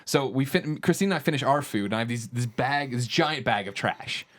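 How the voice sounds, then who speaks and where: Animated storytelling man, casual chat. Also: medium pitch, brisk. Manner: animated, acts out quotes in shifted voices. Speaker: podcast co-host.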